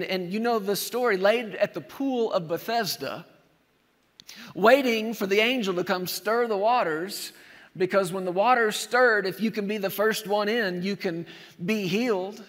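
A man preaching an animated sermon to a church, acting out scenes from the story as he goes. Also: high voice. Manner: animated preaching, acts out scenes with shouted quotes. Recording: long hall reverb.

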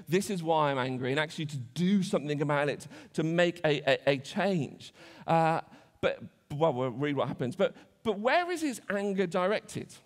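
A man preaching a conversational sermon in church, with frequent restarts and self-deprecating asides. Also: fairly high pitch. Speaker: pastor. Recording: church hall reverb.

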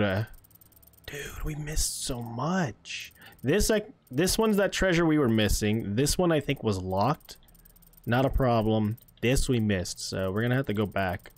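An excitable man commentating his game on a live stream into a close microphone, his pitch bouncing up and down. He talks casually with his viewers and bursts into swearing and yelling when startled. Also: slight background noise. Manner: chats with his chat between gameplay. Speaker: streamer playing a horror game. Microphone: streaming microphone close to his face.

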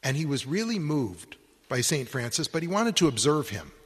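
Man, priest, sermon, slow reflective preaching, husky voice, echoing hall. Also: a little high, sing-song. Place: conference hall.

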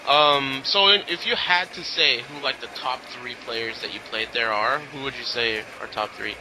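A man's voice: mid-range voice, normal speed, background noise. A man co-hosting a casual chat, teasing and swearing freely. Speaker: co-host. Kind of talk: casual chat over match footage.

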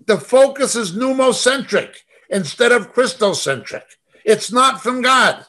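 High-voiced, unhurried male Bible teacher. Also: lively intonation, pushed and bright. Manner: reads scripture aloud, then comments emphatically. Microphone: video call.

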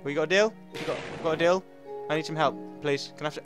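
A man doing game commentary, excitable and chatty, who bursts into panicky yelps and repeats words over and over. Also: on the high side, fast talker, over music. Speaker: let's play gamer.

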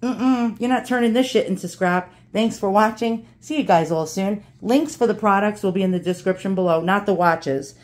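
A woman's voice: mid-range voice, normal speed, hardly any pauses. A woman hosting a casual unboxing vlog, blunt and indignant, swearing freely. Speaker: antique jewelry vlogger.

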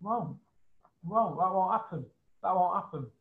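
A show regular rants bluntly in casual chat, swearing freely and tagging his points with questions. He has a high voice and a measured pace. The recording sounds roomy and slightly dull.

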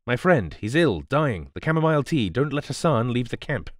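Man putting on a panicky friend in an audiobook, way higher and louder than his reading voice, urgent. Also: sing-song, moderate pace, no room sound, studio quality, close to an everyday voice. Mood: alarmed. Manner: urgent crying out. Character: alarmed male companion, urgent and frantic.

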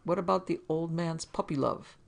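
Wry hard-boiled assistant with a gravelly, dry delivery, as a woman reader puts him on. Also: on the low side, normal speed. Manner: dry, wisecracking. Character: wry, sardonic male detective's assistant. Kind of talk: storybook reading.

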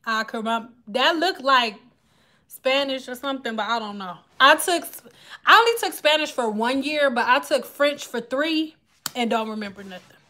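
Woman, thirties, high voice, chatty, joking, casual vlog talk. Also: lively intonation, normal speed, pushed and bright. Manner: chatty and joking, talks straight to viewers. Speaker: vlogger. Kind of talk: casual chat to viewers while doing hair.

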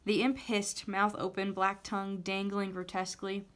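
A woman teacher reading a novel chapter aloud with steady storytelling. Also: medium pitch, normal speed.

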